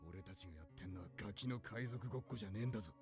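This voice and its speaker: A gruff, unforgiving swordsman from an anime, as an actor voices him. The voice sits low and comes quickly and bluntly. Music plays clearly underneath him. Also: close to an everyday voice. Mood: stern. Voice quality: gruff, harsh. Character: stern grown male swordsman, blunt and unforgiving. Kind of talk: anime dub acting. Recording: music playing behind.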